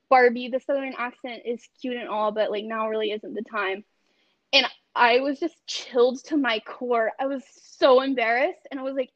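A young woman speaks casually as a podcast guest, full of fillers and quick laughs. Her voice sits fairly high and the call audio is muffled and lo-fi. The sound is very dry, with no room echo. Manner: chatty, many fillers, laughs often. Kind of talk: casual conversation on a video call. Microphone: video call.

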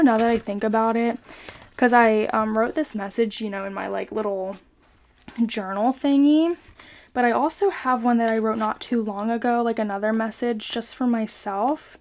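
Young woman rambling softly about faith, lots of ums, pretty flat tone. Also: mid-range voice. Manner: hesitant, full of ums and you-knows; earnest, soft-spoken. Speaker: vlogger sharing a faith reflection. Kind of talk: casual devotional talk.

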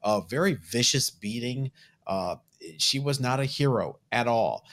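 A man's voice: mid-range voice, lively intonation, unhurried, a bit bright. A man co-hosting a comic book show, chatting casually with wry, joking asides. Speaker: comic book podcast co-host. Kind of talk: casual chat.

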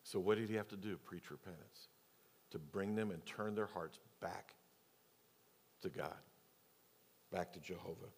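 A male pastor preaching a sermon, moving between loud, emphatic stretches and quiet, low asides. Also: measured pace, pauses often, slightly rough. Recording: long church reverb.

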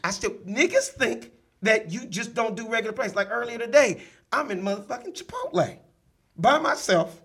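A man's voice: very high-pitched, normal speed, breathy edge. A middle-aged man, a guest comedian, telling stories in casual podcast chat and acting out the people in them. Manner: animated storyteller, acts out voices in his anecdotes.

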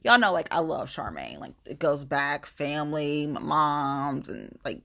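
A young woman talking in a casual monologue, rambling and animated, with blunt opinions and lots of fillers. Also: low-pitched, measured pace, creaky. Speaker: vlogger sharing opinions.

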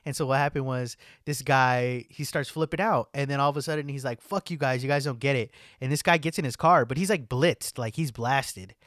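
A young man casually telling a wild party story, animated and full of slang and swearing, on a close mic. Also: medium pitch, fairly quick, hardly any pauses, no echo.

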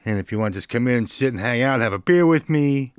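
A man's voice: mid-range voice, expressive, fast talker, smooth, dry recording. Laid-back joking man, dry close mic. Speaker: podcast host. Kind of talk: casual solo podcast chat.

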